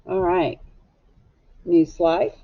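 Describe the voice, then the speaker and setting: A woman's voice: on the low side, fairly even intonation. A woman teacher leading a recorded phonics lesson for young students, speaking patiently and asking them to echo words back. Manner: slow, patient, asks pupils to echo words. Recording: slightly dull, lo-fi recording.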